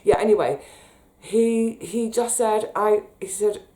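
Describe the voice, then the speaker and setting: A British woman telling a personal story in a chatty, animated way, getting emotional as she recalls it. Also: mid-range voice, slow. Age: 30s. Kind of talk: casual storytelling monologue.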